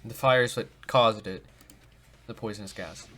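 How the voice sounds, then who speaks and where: A man with a bright, lower voice. He gives goofy, self-mocking let's play commentary and talks to himself while he works out each answer. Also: moderate pace. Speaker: gaming video host.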